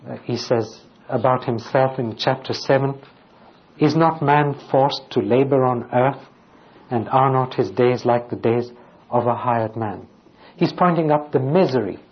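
A man of middle pitch delivers a sermon, reading scripture passages aloud and pressing his listeners with rhetorical questions. The recording sounds dull and lo-fi, with little top end. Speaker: preacher.

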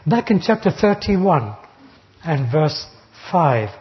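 A man's voice: on the high side, very animated, takes it slowly. An older man preaching an expository Bible sermon, emphatic, rising sharply when he quotes taunts. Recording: dull lo-fi recording.

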